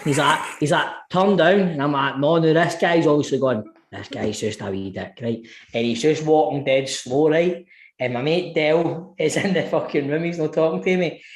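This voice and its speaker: A man's voice: on the high side, normal speed, reverberant. A Scottish man in his thirties, co-hosting a podcast and telling a sweary, laughing story in casual chat. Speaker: podcast co-host.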